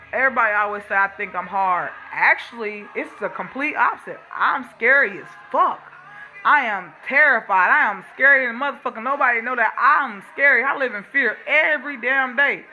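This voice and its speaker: Woman vlogger going off, cussing and blunt, real bright cutting voice, faint music behind. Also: fairly high pitch. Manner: blunt, profane, fired-up ranting. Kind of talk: casual monologue to camera.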